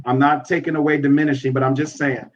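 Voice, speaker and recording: A man's voice: fairly high pitch, flat delivery, fast talker, lo-fi sound. A man speaking earnestly as a podcast guest, repeating phrases for emphasis and acting out conversations.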